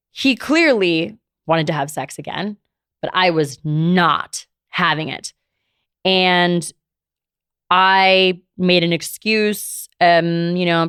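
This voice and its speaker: A woman's voice: lowish voice, fairly bright tone, smooth, dry recording, clean studio sound. A woman in her thirties, a podcast host, telling a personal story in a confessional way, filling her speech with "like". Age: 30s. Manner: confessional, heavy use of "like".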